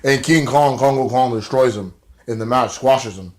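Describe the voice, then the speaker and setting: A man in a casual video review, rambling through a show recap with loose, profanity-laced slang. His voice sits at an ordinary middle pitch. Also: moderate pace.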